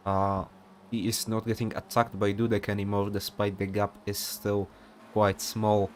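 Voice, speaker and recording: A man's voice: lowish voice, completely flat delivery, measured pace, slight background noise. A young man commentating an online sim race in a casual, rambling way, with many fillers and off-topic asides.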